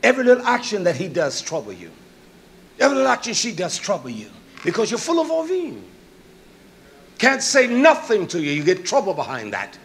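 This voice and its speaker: Emphatic preacher man, high lively voice. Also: a little fast, a little hiss or hum. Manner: emphatic, rising to shouts and dropping to soft asides. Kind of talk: sermon.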